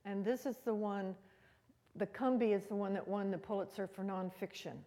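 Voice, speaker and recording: A woman's voice: mid-range voice, steady tone, normal speed, warm tone, long reverb tail. A woman giving a conversational, rambling history talk as a guest speaker in a museum room.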